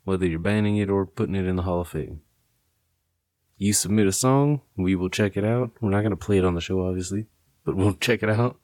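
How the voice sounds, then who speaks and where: A man's voice: deep voice, a little fast, darkish tone, dry recording. A young adult man hosting a podcast in casual chat, laid-back, swearing and laughing often. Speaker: podcast host.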